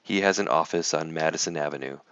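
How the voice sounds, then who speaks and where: Smooth, deep-voiced man reading aloud. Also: fast talker, no room sound, lo-fi sound. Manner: lively, expressive read-aloud. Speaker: storybook reader. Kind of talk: reading a picture book aloud.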